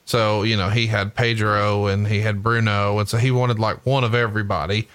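A man's voice: lowish voice, little pitch movement, normal speed, few pauses, a bit bright, clean tone, dry recording. A man from Alabama, co-hosting a casual wrestling chat, joking and swearing a lot. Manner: profane, jokey, laughs a lot. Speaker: wrestling podcast co-host.

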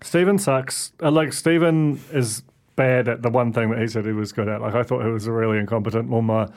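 A man co-hosting a casual chat show, making wry, deadpan jokes. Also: mid-range voice, a little fast. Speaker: podcast co-host.

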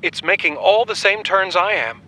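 A man's voice: high-pitched, moderate pace, sharp tone, pitched above the performer's own voice, low-quality recording. A man voicing a frightened young woman who pleads anxiously over the phone.

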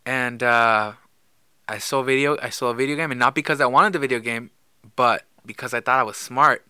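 Bright, clear-voiced man telling a story. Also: mid-range voice, fairly quick, no echo. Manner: storytelling, many fillers and restarts. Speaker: podcast co-host. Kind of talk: casual chat.

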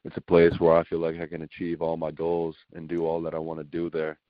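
A man's voice: extremely low pitch, monotone, brisk, no echo. A young man being interviewed over the phone, answering plainly and hesitantly with many fillers. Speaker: guest football recruit. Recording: dull dry phone line.

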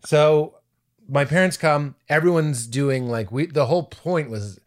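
A middle-aged male comedian telling an animated story in a podcast conversation, jumping into high-pitched impressions. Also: unhurried. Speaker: comedian guest.

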